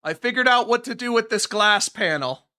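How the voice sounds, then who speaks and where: Chatty bright-voiced man streaming a game. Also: high-pitched, animated, normal speed, smooth. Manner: chatty, sarcastic, exasperated complaining about the game. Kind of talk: casual gameplay livestream chat.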